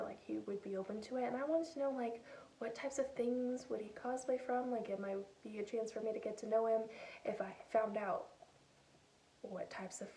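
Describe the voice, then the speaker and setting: A woman's voice: a little high, dark tone, echoey room, a little hiss or hum. A young woman vlogger telling her own stories in a chatty, self-deprecating way, acting out what she said. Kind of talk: casual storytelling. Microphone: old phone. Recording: distant phone mic.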